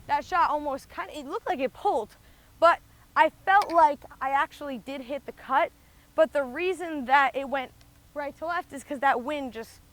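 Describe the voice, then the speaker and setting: Playing golf outdoors in the wind, this woman vlogger chats casually about each shot, a little out of breath and thinking out loud with many "likes" and false starts. She has a high, slightly bright voice and keeps a moderate pace.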